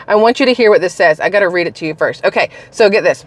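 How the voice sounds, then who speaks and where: A woman's voice: fairly low pitch, animated, quick pace. Emphatic woman ranting to her viewers. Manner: emphatic and scornful, talks straight to viewers. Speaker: political commentary vlogger. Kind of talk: casual opinion rant to camera.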